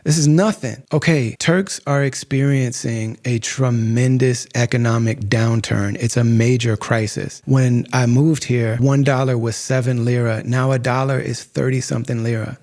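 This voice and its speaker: A man talks straight into a close microphone, blunt and direct in a casual, conversational way. His voice sits at an ordinary middle pitch. He hosts an advice podcast as a monologue. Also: fairly even intonation, normal speed, hardly any pauses, a little mellow. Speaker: podcast host.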